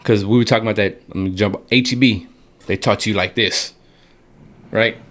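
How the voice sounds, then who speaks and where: Young male podcast co-host, low voice, energetic storyteller who acts out quotes in bursts. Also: normal speed. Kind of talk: casual chat, storytelling.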